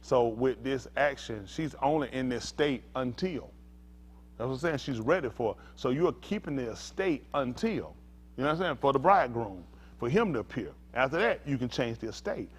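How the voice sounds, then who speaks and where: Preaching an interactive teaching sermon, a male pastor speaks in casual vernacular, regularly asking "y'all understand?" and calling out to listeners. He is animated, laughing and shouting at times, with a medium-pitched voice at a moderate pace and slight background noise.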